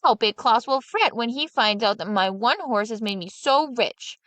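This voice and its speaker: A woman's voice: fairly high pitch, lively intonation, moderate pace, fairly bright tone, dry recording. A woman voicing a clever, scheming peasant man who talks in a sly, coaxing way, in a storybook reading.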